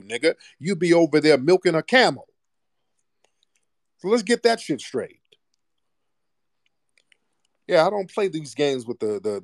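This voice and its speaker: A man's voice: mid-range voice, a little mellow, no room sound, clean studio sound. A man hosting a live call-in talk space, talking in a blunt, profane and fired-up way. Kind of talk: heated call-in talk show.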